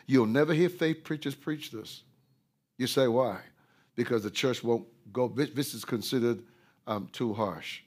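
A man preaching a sermon, slow and deliberate, who rises loud on scripture quotes and sinks low when he reflects. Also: slightly rough.

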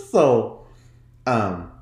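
A man hosting his own podcast in casual solo chat, chatty and giggly, often jumping into high mock voices when he quotes himself. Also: sing-song, extremely slow, a little mellow, roomy sound. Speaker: podcast host.

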